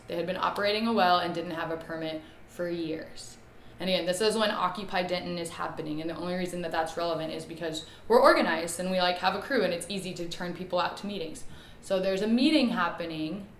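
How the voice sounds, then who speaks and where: A woman, an activist telling her story in an interview with emphatic, animated delivery. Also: fairly low pitch, echoey room, slight background noise.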